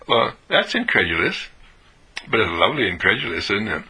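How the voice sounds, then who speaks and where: A man giving a motivational monologue, acting out delighted, surprised exclamations in a lively, swooping voice. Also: fairly low pitch, brisk, slightly rough. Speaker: inspirational speaker.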